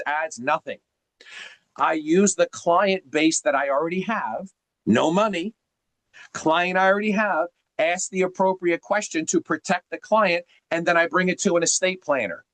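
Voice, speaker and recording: A man's voice: high voice, a bit bright, dry recording, low-quality recording. A man coaching on a group video call, teacherly and emphatic, firing off rhetorical questions. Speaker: sales coach.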